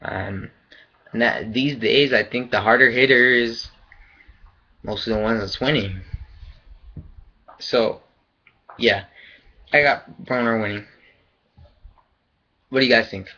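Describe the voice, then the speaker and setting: A man's voice: medium pitch, slow, pauses often, bright, forceful tone, highs cut off. A man giving a casual, rambling fight review, loose and profane in his opinions. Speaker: boxing vlogger.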